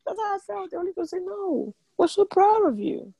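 A woman preaching a sermon, animated and emphatic, repeating lines and jumping in pitch. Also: normal speed, dry recording, lo-fi sound.

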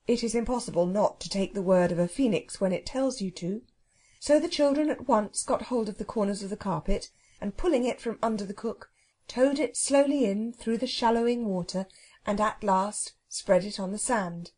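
A woman narrating a children's audiobook with expressive, measured storytelling. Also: mid-range voice, slightly rough. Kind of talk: storybook reading.

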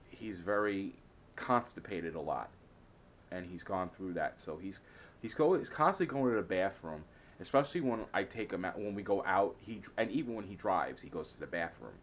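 A man telling a rambling, hesitant story in a casual vlog, often frustrated and full of restarts. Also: low voice. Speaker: vlogger.

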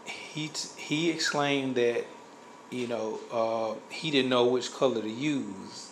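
A man's voice: medium pitch, slow, vocal fry, background noise. Man rambling through a story. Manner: rambling, many fillers and restarts. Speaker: guest sharing a testimony. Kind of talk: casual storytelling.

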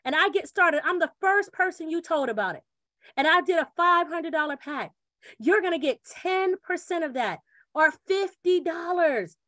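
A woman delivers a lively sales presentation in a very high, bright voice. The recording is dry and close. She acts out quick back-and-forth scenes and repeats her catchphrases. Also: no room sound. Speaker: presenter pitching a referral program. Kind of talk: energetic sales pitch.

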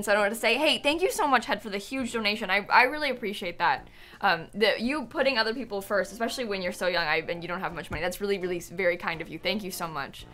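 A young woman livestreaming a game in a bright, lively voice that swoops up into squeals and shrieks of laughter. She chats casually and dramatically, with soft game music playing behind her. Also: medium pitch. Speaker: streamer. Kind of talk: casual game-stream chat.

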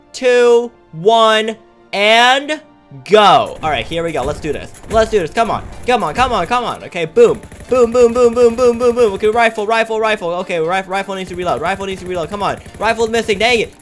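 A man giving excitable, trash-talking commentary over his own gameplay as a gaming YouTuber. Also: extremely high pitch.

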